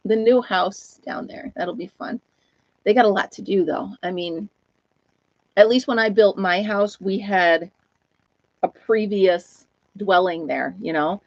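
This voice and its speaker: A woman's voice: mid-range voice, no room sound. Chatty older woman, dull lo-fi sound. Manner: rambling, chatty, laughs often. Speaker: host of a live knitting chat stream. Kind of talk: casual live-stream chat. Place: at home.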